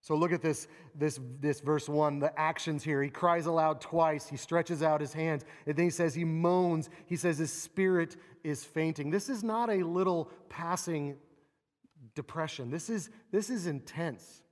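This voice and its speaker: A man preaching a sermon, animated and expressive, acting out quoted laments with a rising voice. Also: a little high, measured pace. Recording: long reverb of a large hall.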